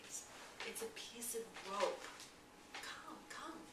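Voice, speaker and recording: A woman doing a coaxing man, high and bright. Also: a little fast, gravelly. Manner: coaxing, reassuring. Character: calm man coaxing a frightened stranger. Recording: echoey room, distant mic, noisy.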